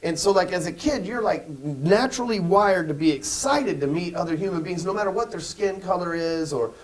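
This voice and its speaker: Animated profane man on a podcast. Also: high voice, brisk, poor audio. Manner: profane, animated, acts out voices. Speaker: podcast co-host. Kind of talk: casual podcast chat.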